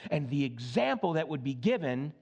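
Lively, higher-voiced male pastor preaching. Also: normal speed, creaky, husky. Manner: animated, with joking asides. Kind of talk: sermon.

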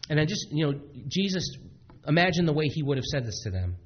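A man preaching a sermon in a halting way, with frequent restarts and fillers, on a dull lo-fi recording. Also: fairly high pitch, very animated, breathy edge. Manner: halting, many restarts, acts out quotes.

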